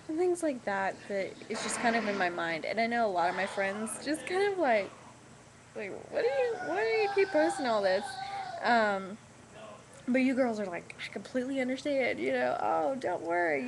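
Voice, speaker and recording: Young woman, casual home vlog, laptop mic, loose and chatty with lots of ums, television audible behind her. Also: medium pitch. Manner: chatty and rambling, many ums. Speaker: vlogger. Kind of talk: casual chat to camera. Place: home room with TV on. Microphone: laptop webcam mic. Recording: home laptop recording with TV noise. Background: television playing.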